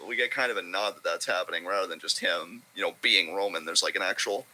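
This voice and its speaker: A man's voice: sits low, fast talker, noisy background. A man co-hosting a stream, chatting casually while gaming, loose and rambling with lots of filler words. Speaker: co-host of a wrestling talk stream.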